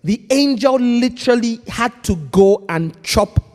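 A man preaching a sermon, swinging between hushed intensity and shouting. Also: very high voice, expressive, measured pace, in a large hall.

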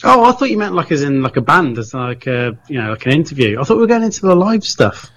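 A man's voice: a little high, sing-song, quick pace, fairly bright tone. A man co-hosting a radio show in a laid-back, giggly way with mumbled asides. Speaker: radio co-host. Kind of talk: casual radio chat.

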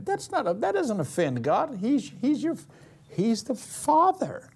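A man preaching a sermon, slowing down for dramatic, emphatic declarations and then rushing through asides. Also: very high-pitched, huge pitch swings, vocal fry, darkish tone, husky. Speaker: pastor.

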